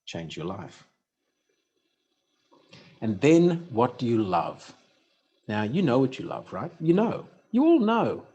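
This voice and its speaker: A man gives a motivational talk on stage. His husky voice swings up and down as he tells stories, punchy with dry humor. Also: mid-range voice, wildly swooping pitch, slow, pauses often, warm tone, muffled recording. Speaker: speaker.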